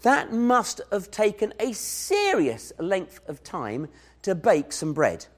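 A man preaching a sermon, telling a Bible story in an animated way and acting out the voices he quotes. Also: high voice, slow pace.

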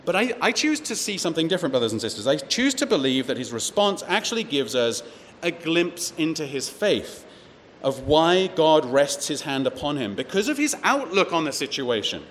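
A man's voice: a little high, sing-song, normal speed, fairly bright tone. Man teaching scripture in an echoey hall. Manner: expository, reads verses then explains, rhetorical questions. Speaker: preacher teaching a Bible class. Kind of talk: sermon-style Bible teaching. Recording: echoey hall with faint ambient noise.

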